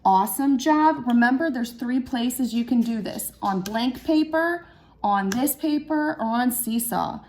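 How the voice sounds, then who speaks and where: A woman's voice: on the high side, darkish tone. Patient woman teaching, thinking aloud. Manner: thinks aloud, counts syllables slowly and patiently. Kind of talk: classroom lesson for children.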